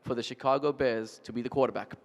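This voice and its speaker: A man telling a joke voices a brisk, generous football coach, in a large reverberant hall. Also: medium pitch, fairly even intonation, pitched below the performer's own voice, close to an everyday voice.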